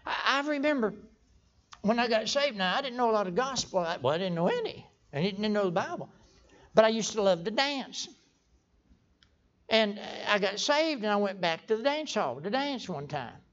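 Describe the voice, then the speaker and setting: A man's voice: high voice, sing-song, normal speed, a bit bright. An older man preaching a folksy sermon in a church, stumbling over restarts and breaking into sudden emphatic outbursts. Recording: dull lo-fi sermon recording.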